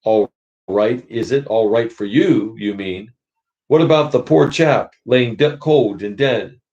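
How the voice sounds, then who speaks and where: A man's voice: medium pitch, unhurried, a little mellow, lo-fi sound, natural voice. A man reading aloud and voicing a blustering, self-righteous big ghost from a storybook. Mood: indignant. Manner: aggrieved, blustering.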